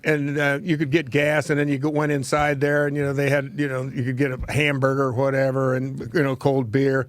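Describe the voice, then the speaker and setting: A man in his 70s hosting a talk show speaks fairly quickly in a monotone, medium-pitched voice on a dry recording. He spins a wandering, down-home story about his childhood and laughs at his own tales.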